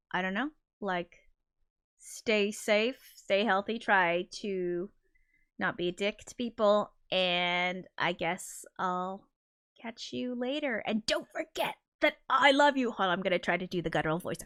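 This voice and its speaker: A woman's voice: mid-range voice, takes it slowly, pushed and bright, clear, resonant tone. A woman composer closing her live stream in casual chat, apologetic and flustered, swearing a lot and laughing often. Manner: laughs often between words. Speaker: composer and livestreamer.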